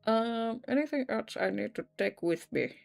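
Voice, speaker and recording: A woman's voice: animated, moderate pace, gravelly, darkish tone, faint music behind. A woman chatting casually while livestreaming a video game, swearing freely and reading chat messages aloud. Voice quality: medium-pitched voice she wishes were deeper. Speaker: streamer.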